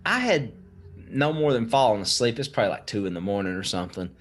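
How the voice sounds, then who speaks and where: A man's voice: lowish voice, lively intonation, quick pace, a little hiss or hum. A young man casually telling a spooky story on a podcast, swearing freely and laughing as he goes. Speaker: podcast guest.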